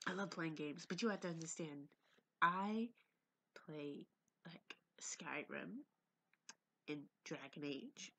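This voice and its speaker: A young woman gamer narrates her fright while playing a horror game on her phone, begging and frequently dropping to a whisper. She has a deep, bright, forceful voice at a moderate pace, picked up by a phone or laptop microphone.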